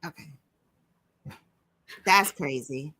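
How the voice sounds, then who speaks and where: A woman's voice: low voice, extremely slow, bright, forceful tone, no room sound. A woman co-hosting a live craft stream on a video call, reading out viewer comments and gushing with big swoops of surprise.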